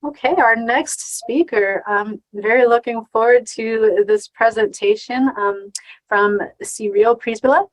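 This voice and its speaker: A woman moderating an online workshop, brisk and friendly with a few fillers, on a video call. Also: fairly high pitch, poor audio.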